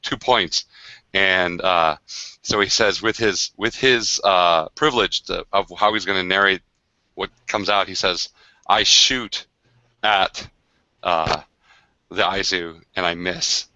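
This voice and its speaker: A man's voice: low voice, a little slow, sharp tone, no room sound, highs cut off. A man casually recounting a tabletop game session on a video call, rambling with many fillers and restarts. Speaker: game designer on a livestream.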